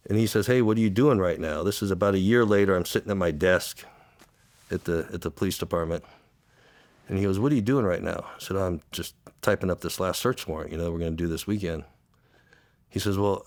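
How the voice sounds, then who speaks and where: A man who worked undercover, recounting an old case in an interview, halting and repeating words, tearful at times, and acting out the lines of the people in the story. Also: low voice, no echo. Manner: halting, repeats words, acts out quoted dialogue. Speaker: interview guest, former undercover officer. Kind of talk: emotional storytelling.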